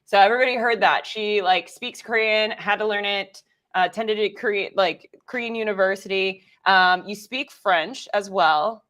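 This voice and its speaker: A woman's voice: medium pitch, moderate pace, fairly bright tone. An American woman hosting a casual live-stream interview, chatty and enthusiastic, with lots of "like". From United States. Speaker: host.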